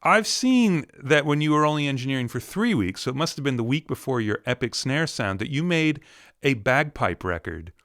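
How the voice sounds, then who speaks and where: A man interviewing a guest in a relaxed, conversational way, laughing along. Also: medium pitch, normal speed. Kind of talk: casual interview chat.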